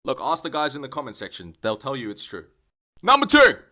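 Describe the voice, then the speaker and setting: Profane young man ranting loudly. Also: mid-range voice, huge pitch swings, brisk. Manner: profane, exasperated ranting with sudden shouts. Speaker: vlogger. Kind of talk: comedic rant vlog.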